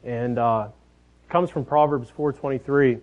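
A man's voice: medium pitch, fairly even intonation, a little slow. Folksy preacher man, muffled lo-fi sound. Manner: folksy storytelling, trailing off softly at phrase ends. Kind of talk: sermon. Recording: dull lo-fi sound.

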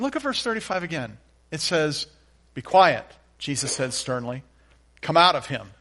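A pastor preaching a sermon, reading scripture aloud with emphatic repeated refrains. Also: male voice, fairly high pitch, a bit bright.

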